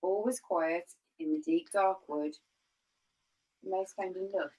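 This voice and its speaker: Woman storyteller, lowish voice, lively read-aloud, casual chat after. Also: unhurried, highs cut off. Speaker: story-time reader on a live stream. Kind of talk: reading a picture book aloud, then casual chat.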